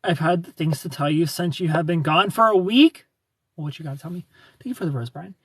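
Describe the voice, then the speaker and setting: A man's voice: on the high side, fairly quick, slightly rough, no echo. A man hosting a livestream, chatting casually and giving frank relationship advice to viewers by name. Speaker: livestream host answering viewer comments.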